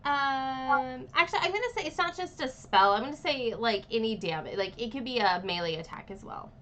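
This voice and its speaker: A woman's voice: high voice, animated, fairly quick, a bit bright. A woman as game master, narrating a tabletop game and explaining rules in a rambling, friendly way with many fillers. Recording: light background noise.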